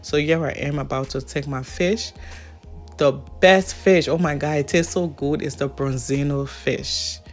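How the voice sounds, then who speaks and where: A woman's voice: low voice, measured pace, faint music behind. A woman from Africa with an African accent, chatting casually to her viewers in a vlog and laughing often. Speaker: vlogger.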